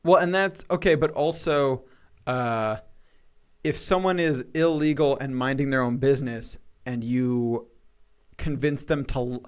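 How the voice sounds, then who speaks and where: A young man co-hosting a casual radio talk show, rambling through opinions and retelling stories with animated quoted voices. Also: mid-range voice, unhurried, clear, resonant tone. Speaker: co-host bringing topics.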